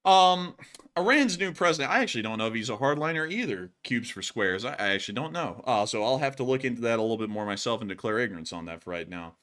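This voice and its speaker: A young man with a Southern accent talks through viewer questions in an easygoing, rambling way, doubling back on his words. His voice is bright and carries forward. He sounds like a casual show co-host from Alabama. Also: mid-range voice, expressive, quick pace. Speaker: co-host of a war news show. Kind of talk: casual chat answering viewer donations.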